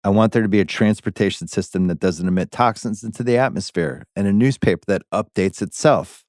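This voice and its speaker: A middle-aged American man hosts a casual podcast, relaxed and wry as he steers the conversation. His voice sits fairly low, and the recording is close and dry, with no room sound. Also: a little fast, no echo. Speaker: podcast host.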